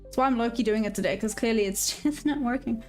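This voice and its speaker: A chatty woman hosts a day-trading livestream, reading viewer comments aloud in a casual, upbeat way. Her voice sits fairly high, and she laughs often. Soft music plays faintly behind her. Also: moderate pace. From South Africa.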